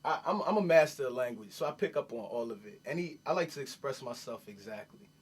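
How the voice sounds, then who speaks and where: Talkative young rapper, loose chat. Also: male voice, medium pitch, lively intonation, fast, slightly rough. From New York, raised in Miami. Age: 20s. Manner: loose and talkative, peppers talk with "like" and "you know what I mean". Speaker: rapper, interview guest. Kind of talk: casual interview chat.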